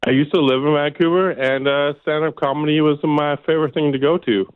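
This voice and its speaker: A man's voice: a little high, fairly even intonation, a little fast, clean tone, no echo. A man from Canada calling into a stream, easygoing and agreeable, sounding casual on the phone. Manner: easygoing, agreeable, laughs easily. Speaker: caller. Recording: tinny phone line.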